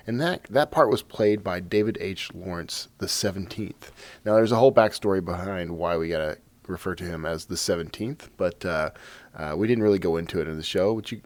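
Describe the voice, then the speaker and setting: A man hosting a podcast with a raspy voice, talking casually with lots of fillers and jokes at his own expense. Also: low-pitched, no room sound. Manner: rambling, filler-heavy, self-joking. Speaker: podcast host. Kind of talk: casual podcast intro and chat.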